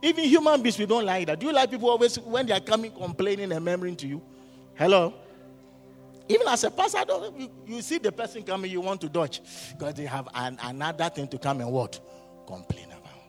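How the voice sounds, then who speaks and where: A man's voice: high voice, very animated, quick pace. A man preaching a sermon as pastor, often asking the congregation questions and waiting for them to answer. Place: church hall. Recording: hall reverb with faint music.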